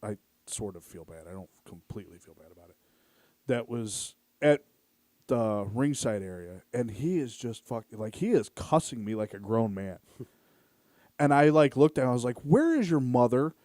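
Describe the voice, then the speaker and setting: A man's voice: on the low side, lively intonation, normal speed, a little mellow, no room sound, clean studio sound. A man hosting a casual podcast, telling stories in a rambling way full of fillers and swearing. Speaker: podcast host. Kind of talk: casual storytelling chat.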